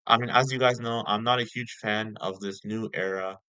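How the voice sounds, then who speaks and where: A man's voice: fairly low pitch, steady tone, moderate pace, sharp tone, clean tone, no echo, rough recording. Young man ranting, filler-heavy, dry sound. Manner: ranting, heavy filler words, repeats himself. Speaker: vlogger. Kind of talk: casual rant.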